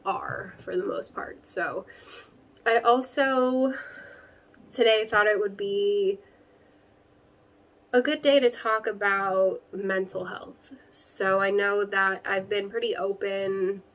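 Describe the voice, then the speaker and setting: A woman's voice: medium pitch, fairly even intonation, slow pace, long pauses, a bit bright, low-quality recording. A young woman chatting casually to camera from her spare bedroom about her plants, rambling with lots of fillers. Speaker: plant vlogger.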